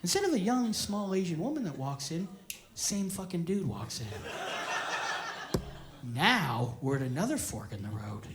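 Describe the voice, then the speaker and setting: Loud profane male stand-up comic. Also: sits high, very animated, moderate pace, long pauses, background noise. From Canada. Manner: profane, loud, crowd-baiting delivery. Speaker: stand-up comedian. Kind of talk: stand-up comedy set. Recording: live club set with loud crowd laughter.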